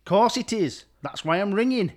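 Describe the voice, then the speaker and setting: A grumpy, sarcastic caller. His voice sits fairly high and swings about wildly as he snaps and shouts back at the help desk. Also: expressive, moderate pace. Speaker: exasperated caller. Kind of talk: comic sketch acting.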